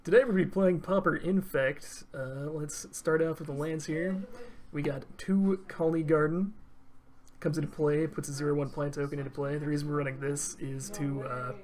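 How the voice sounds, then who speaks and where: A man's voice: on the high side, fairly even intonation, moderate pace, a little mellow. A man hosting a casual card-game deck tech, rambling with lots of fillers and laughs.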